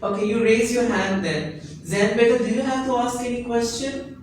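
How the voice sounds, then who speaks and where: A man teaching English pronunciation in a classroom, repeating each word slowly and patiently for his students. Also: very high voice, steady tone, slight background noise. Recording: echoey classroom recorded from a distance.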